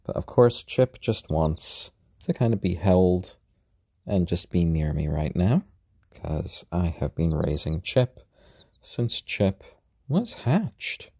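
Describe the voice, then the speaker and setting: A man with a low, mellow, slightly husky voice chats casually on a live stream from home, tired after a long workday. His speech swings in pitch, and the dry recording has no room sound. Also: big pitch swings, no room sound. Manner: gentle, unhurried, coos to a chick in a high voice. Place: at home, indoors.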